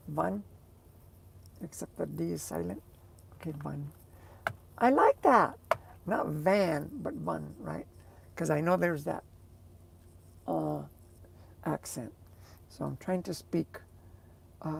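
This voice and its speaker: A woman's voice: sits low, vocal fry, a little mellow, a little hiss or hum. A woman vlogger chatting casually to her viewers, rambling and hesitant as she searches for words.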